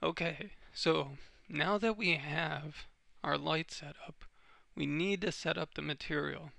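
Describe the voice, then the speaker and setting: Guy walking thru a software tutorial, kinda high bright voice, super dry. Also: measured pace, vocal fry, no room sound. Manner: steady step-by-step explaining. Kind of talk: screen-recorded software tutorial.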